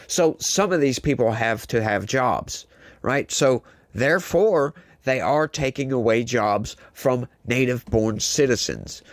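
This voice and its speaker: A man's voice: mid-range voice, no echo. A man hosting his own show, giving political commentary on a news article in an exasperated, sarcastic way and talking straight to his viewers. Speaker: show host.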